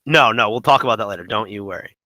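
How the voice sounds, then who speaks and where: A man co-hosting a casual gaming podcast, talking in a loose, rambling way with lots of "like" and "um". His voice is bright and forward, with a dry, close sound and no room in it. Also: lowish voice, rapid-fire, no room sound, rough recording. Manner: rambling, full of "like" and "um". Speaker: podcast co-host.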